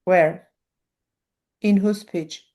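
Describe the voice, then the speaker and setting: A woman's voice: lowish voice, steady tone, drawn-out words, mellow. Blunt, laughing Armenian-accented woman. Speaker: podcast co-host, English teacher. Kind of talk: casual chat.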